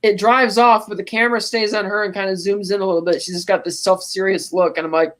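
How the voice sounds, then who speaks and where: A podcast co-host on a call, casually recapping a film scene beat by beat in an animated, storytelling way. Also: medium pitch, fast, a little hiss or hum. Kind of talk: casual movie recap chat.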